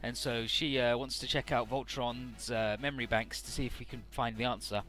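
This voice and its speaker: A man recaps a game's story in casual, rambling commentary, swearing now and then. His voice is mid-pitched with a bright, forceful edge. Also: fairly even intonation, moderate pace, soft background music. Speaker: let's play host.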